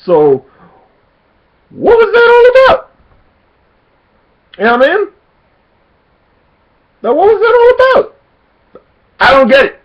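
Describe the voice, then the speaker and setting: A man's voice: extremely high pitch, slow, pauses often, dull audio. A man telling a casual story to his camera, laughing often and acting out what people said. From Jamaican heritage. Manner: animated storytelling, laughs often, acts out quotes.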